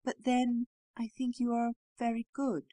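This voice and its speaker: A woman's voice: a little high, completely flat delivery, measured pace, mellow, no echo, voice pushed up, lightly acted. A woman reading aloud voices a kind, honest young woman in a storybook, speaking earnestly and firmly. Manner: earnest, firm and candid.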